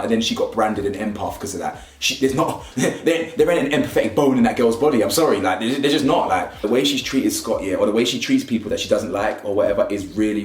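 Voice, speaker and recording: Man, opinionated reviewer, animated, roomy echo. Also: fairly low pitch. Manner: animated, keeps asking "yeah?", mocking voices for quotes. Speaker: reality show reviewer. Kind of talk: casual opinionated commentary. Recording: echoey room.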